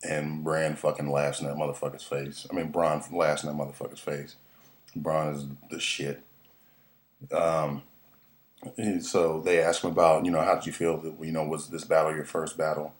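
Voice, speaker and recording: Male recap host, extremely low voice, profane, excitable, lots of ums and restarts. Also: normal speed. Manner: profane, excitable, rambling with many fillers. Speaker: podcast host recapping a TV episode. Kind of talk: casual TV episode recap.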